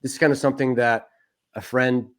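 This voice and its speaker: A man hosting a podcast in a relaxed, casual way. He asks his questions loosely and laughs along with his guest. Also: medium pitch, a little fast. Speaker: podcast host. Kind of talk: casual interview chat.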